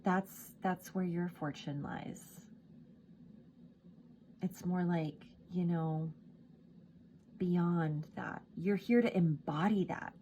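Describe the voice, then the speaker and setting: A woman speaks slowly in a slightly low voice, reading tarot cards in a casual, gushing way, her talk full of fillers. She sounds moved close to tears. Faint ambient noise sits behind her. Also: mellow. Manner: gushing, emotional, many fillers like "like" and "um". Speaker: tarot reader.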